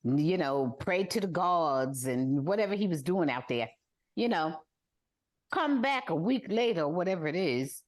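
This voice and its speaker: An older woman chats on a podcast with a lively, swooping delivery. Her voice sits low but leaps up when she mimics others with wails. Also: measured pace. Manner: animated, mimics people with exaggerated high wails. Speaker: podcast co-host. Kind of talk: casual chat.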